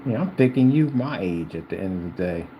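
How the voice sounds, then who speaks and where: Animated rambling middle-aged man ranting. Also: low-pitched, fairly quick, highs cut off, a little hiss or hum. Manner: rambling and repetitive, addressing a rival directly. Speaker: vlogger. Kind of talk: ranting monologue to camera.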